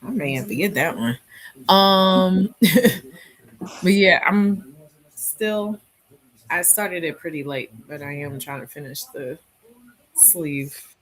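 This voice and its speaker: Slow, low-voiced woman chatting about books. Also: animated, fairly bright tone, rough recording. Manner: rambling, hesitant, many fillers. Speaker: book club member. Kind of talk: casual book chat.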